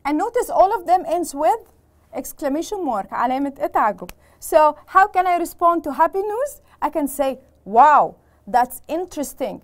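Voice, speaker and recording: This is an Egyptian woman teaching an English lesson in a high voice. She explains in English, then repeats herself in Egyptian Arabic. She acts out each sample phrase with expressive emphasis, like a classroom teacher. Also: a little fast.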